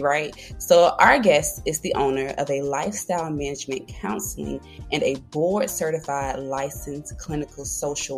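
A woman from Alabama with a Southern accent, hosting a podcast interview in an upbeat, chatty way. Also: low voice. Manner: upbeat, chatty, says "y'all" often. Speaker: podcast host. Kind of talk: casual interview chat.

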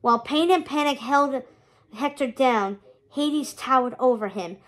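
A woman reading a children's chapter book aloud in an expressive, steady way. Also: high voice, unhurried. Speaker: storybook reader.

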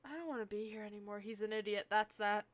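A woman's voice: medium pitch, fast. A woman streamer giving casual commentary while playing a game, exasperated and profane, with frequent sighs.

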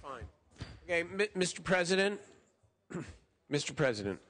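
A middle-aged man, a state senator, making measured procedural requests on the floor with some hesitant fillers. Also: a little high, sing-song, fairly bright tone. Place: large legislative chamber. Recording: reverberant legislative chamber.

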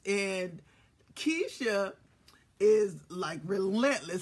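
A host of a casual live-stream show, joking and swearing, who swings from quiet asides to loud shouted greetings. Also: mid-range voice, lively intonation, measured pace, slightly rough. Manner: profane, joking banter.

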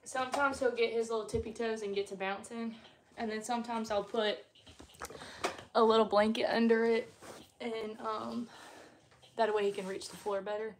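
A woman's voice: on the high side, little pitch movement, normal speed, long pauses, slight background noise. A young woman, chatting casually to her phone on a live stream from her home. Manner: chatty, folksy, laughs easily. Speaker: mom vlogger. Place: family home, indoors.

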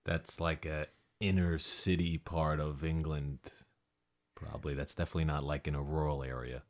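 A man in a casual podcast chat, relaxed and thinking aloud. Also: very deep voice, normal speed.

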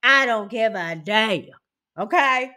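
A woman's voice: fairly high pitch, lively intonation, slow, sharp tone. A woman, hosting a casual monologue in a blunt, profane, emphatic way and laughing often. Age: 50s. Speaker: host.

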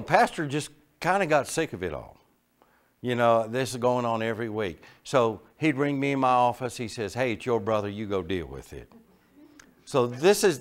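A middle-aged man preaching a sermon, telling folksy stories and moving between quiet asides and loud emphasis. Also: medium pitch. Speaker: pastor. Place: church sanctuary.

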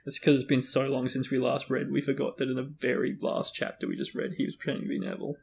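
A man reading a novel aloud to a friend, giving the dialogue lively character voices and breaking off for casual asides. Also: mid-range voice, fast talker, creaky. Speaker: book discussion host reading aloud.

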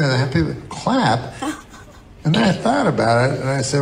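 Deadpan gravelly man doing stand-up. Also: a little high, brisk. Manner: deadpan, rambling, profane. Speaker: stand-up comedian. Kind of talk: stand-up comedy set. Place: large live comedy venue. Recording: audience recording with loud crowd and noise. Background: crowd laughter.

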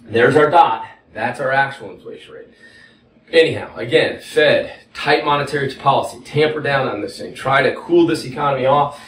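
A man's voice: mid-range voice, a bit bright, roomy sound, distant mic, low-quality recording. A man with a Texas accent teaching economics at a whiteboard, folksy and conversational, often checking in with "okay?". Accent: Texan. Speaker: economics instructor. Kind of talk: whiteboard lecture.

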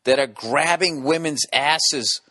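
A man's voice: on the high side, slow pace, bright, forceful tone, no echo. Profane, exasperated middle-aged man. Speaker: podcast host reading listener letters. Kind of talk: comedic podcast banter.

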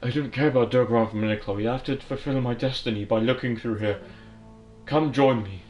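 A man doing a hurried, insistent girl. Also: mid-range voice, a little mellow, highs cut off, faint music behind, close to an everyday voice. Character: girl Rachel, dreamy and fixated.

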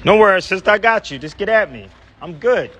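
A man's voice: sits high, expressive, brisk, a bit bright. Slangy American man vlogging on the street. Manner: loose, slangy, chatty. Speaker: travel vlogger. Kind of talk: casual street vlog. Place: outdoors on a city street. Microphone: phone camera.

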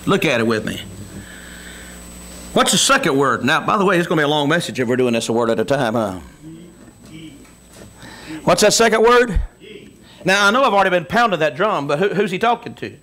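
A man delivering a Sunday sermon in a church, his voice sitting a little higher than most men's. He keeps firing questions at the congregation and waits for their answers. He drops into low, quiet asides, then rises to a booming pitch on the words he stresses. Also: very animated, quick pace. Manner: call-and-response preaching, asks the congregation questions. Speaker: pastor.

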